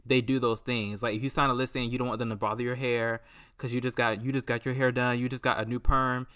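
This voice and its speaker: A man hosting a podcast, talking in a casual, rambling and animated way, often acting out what people said. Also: mid-range voice, fast talker. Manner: rambling, animated, acts out quotes. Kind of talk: casual solo commentary.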